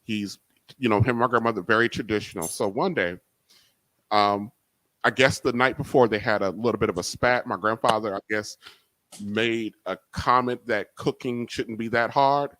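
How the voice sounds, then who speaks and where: A man co-hosting a live cooking show, telling a family story in a relaxed way, laughing along and saying "you know" often. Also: on the low side, moderate pace, dry recording. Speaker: co-host. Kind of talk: casual storytelling.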